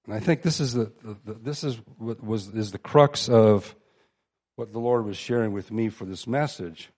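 Mellow low-voiced man preaching. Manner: reads scripture aloud, conversational with restarts and pauses. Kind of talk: sermon. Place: room with a seated audience.

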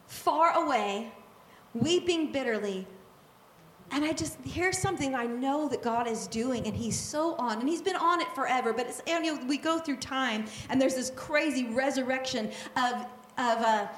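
High-voiced woman preaching a lively sermon. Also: echoey room, slight background noise. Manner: animated and conversational, with quick asides and repetition.

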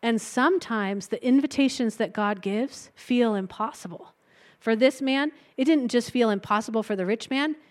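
A woman's voice: a little high, moderate pace. A woman preaching a sermon in a conversational way, retelling a Bible story and breaking into light laughs between points.

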